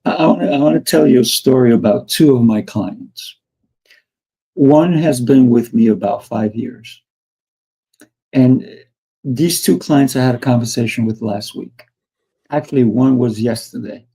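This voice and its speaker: Gravelly, husky man hosting a show. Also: mid-range voice, unhurried, mellow. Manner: tells anecdotes, acts out both sides of dialogues. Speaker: podcast host. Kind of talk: conversational storytelling.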